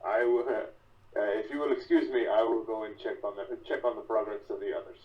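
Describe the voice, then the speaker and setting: A man's voice: lowish voice, fairly even intonation, a little fast, reverberant, distant mic, dull audio, close to an everyday voice. A man voicing a polite, formal male rogue character in a tabletop game. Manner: courteous and formal.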